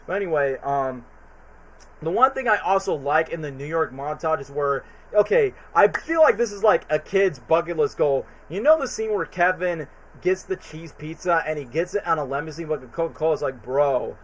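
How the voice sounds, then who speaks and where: A male streamer rambles through movie scenes in casual commentary, slipping into quick put-on voices for the characters. His voice sits fairly high for a man. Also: lively intonation, fairly bright tone, poor audio.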